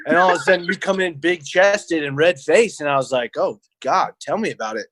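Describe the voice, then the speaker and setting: A man's voice: a little high, a little fast, fairly bright tone, no echo. A man co-hosting a podcast, chatting casually and teasing his co-host with jokes. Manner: joking, teasing interjections. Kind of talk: casual chat.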